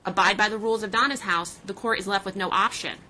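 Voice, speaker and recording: A woman judge runs a courtroom hearing, firm and procedural as she lays out her rulings. She talks fast, and her voice has a bright, pointed edge. A light hiss of courtroom recording sits behind her. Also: mid-range voice, steady tone, low-quality recording.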